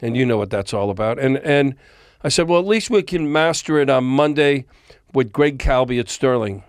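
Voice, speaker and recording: A man in a podcast interview, spinning stories from his years in the music business and slipping into the voices of the people he quotes. His pitch sits in an ordinary middle range, and the sound is dry and close, with no room around it. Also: normal speed, clean tone, no echo. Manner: animated storyteller, acts out quoted dialogue. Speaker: podcast guest, music industry executive. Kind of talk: storytelling interview. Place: recording studio.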